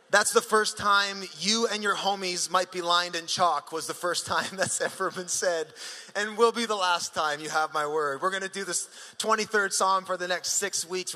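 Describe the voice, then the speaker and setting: A man preaching a sermon as pastor in a church auditorium, animated and jokey. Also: sits high. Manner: animated, jokey, raps a song line for laughs. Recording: long hall reverb with faint music.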